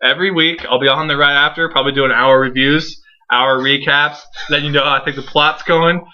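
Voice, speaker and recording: A young man co-hosting a casual wrestling review, telling stories in an excitable, jokey way. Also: on the high side, fairly quick. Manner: excitable, jokey storytelling with acted asides. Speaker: co-host, divas correspondent. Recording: lo-fi home recording.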